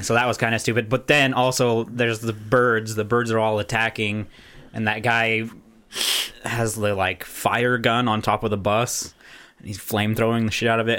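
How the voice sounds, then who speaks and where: Laid-back rambling young man, lowish voice. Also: a bit bright. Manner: rambling, many restarts and fillers. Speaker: podcast co-host. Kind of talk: casual chat.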